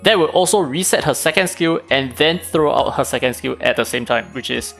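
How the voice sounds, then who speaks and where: Fast-talking man explaining game tactics. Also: medium pitch, creaky, fairly bright tone, faint music behind. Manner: casual, analytical, fast-talking with fillers. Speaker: gaming channel host. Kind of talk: game guide commentary.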